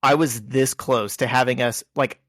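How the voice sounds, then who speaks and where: A man's voice: mid-range voice, normal speed, no room sound. Male podcast co-host, casual and meandering, dry close sound. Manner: relaxed, rambling with fillers. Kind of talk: casual chat.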